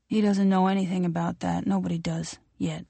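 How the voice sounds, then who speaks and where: A woman reading aloud, voicing a calm, matter-of-fact male small-town sheriff. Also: on the low side, fairly quick, creaky, slightly rough, dry recording.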